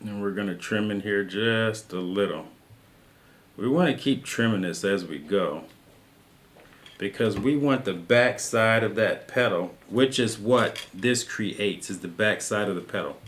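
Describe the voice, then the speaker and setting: A man calmly teaching soap carving, talking patiently through each cut as he works. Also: fairly low pitch, unhurried. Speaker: carving instructor. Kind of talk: step-by-step craft tutorial.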